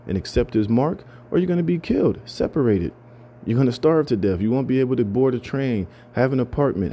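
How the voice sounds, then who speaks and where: Talking over the news in a casual way, a man with a medium-pitched, dark voice speaks emphatically and repetitively, full of stammered restarts and fillers like "you know" and "man". There's a little hiss or hum in the background.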